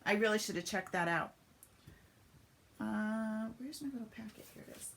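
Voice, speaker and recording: A woman's voice: mid-range voice, moderate pace, gravelly, fairly bright tone, slight background noise. A woman giving a chatty step-by-step craft demonstration on a live stream, greeting viewers as she works. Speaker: papercraft demonstrator.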